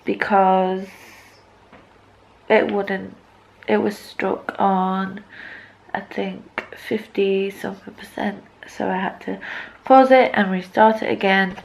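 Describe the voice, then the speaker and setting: A woman in her twenties talks to camera at home in a slow, unhurried way, rambling and poking fun at herself. Her voice has a gravelly, creaky edge. A faint hum of room noise sits underneath. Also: mid-range voice, fairly even intonation, low-quality recording. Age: 20s. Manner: chatty, rambling, self-mocking. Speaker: vlogger. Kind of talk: casual vlog chat to camera. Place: at home indoors.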